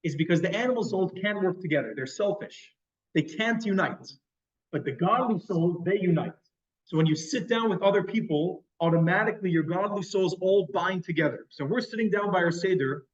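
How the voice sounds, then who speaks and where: A man's voice: high voice, a little fast. A man giving a conversational, storytelling sermon as a rabbi. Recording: dull lo-fi sound.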